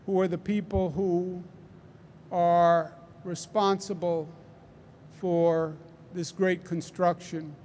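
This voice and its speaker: Slow, high-voiced Queens man briefing. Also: little pitch movement, a little mellow, slight background noise. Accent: New York Queens. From New York. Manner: deliberate, emphatic, with rhetorical check-ins. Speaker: government official at a press briefing. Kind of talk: press briefing address. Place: large indoor site with construction behind him.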